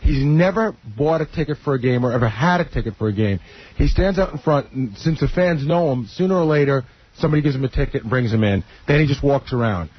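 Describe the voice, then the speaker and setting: A man's voice: medium pitch, lively intonation, quick pace, husky. A man cohosting a radio show, relaying details in a matter-of-fact way. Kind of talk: casual radio banter. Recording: dull radio broadcast audio.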